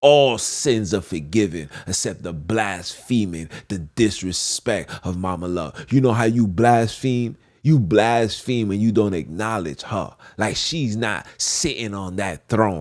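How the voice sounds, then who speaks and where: A man's voice: lowish voice, lively intonation, measured pace. A man preaching a fervent, repetitive monologue as a podcast host, slipping into archaic scripture phrasing.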